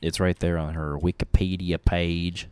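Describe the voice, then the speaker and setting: A man's voice: deep voice, measured pace, smooth, no room sound. A man co-hosting a podcast in casual, profane, joking banter. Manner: joking, swearing, animated. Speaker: podcast co-host.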